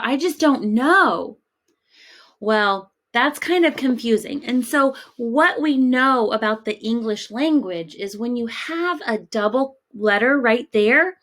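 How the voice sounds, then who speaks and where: Slow, encouraging woman teacher. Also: fairly high pitch. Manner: gentle, encouraging, asks questions and pauses. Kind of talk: recorded phonics lesson for children.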